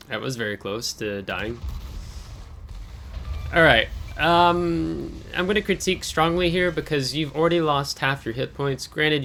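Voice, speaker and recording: A man's voice: medium pitch, sharp tone, a little hiss or hum. A man hosting a channel, giving casual coaching commentary on a viewer's game match, analytical and hesitant with frequent ums, and coughing now and then. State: keeps coughing.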